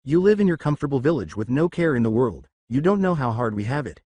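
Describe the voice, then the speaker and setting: A man's voice: medium pitch, very animated, fast talker, darkish tone, breathy edge, no echo. A man voicing an angry, resentful young boy who rants at everyone. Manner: ranting, resentful.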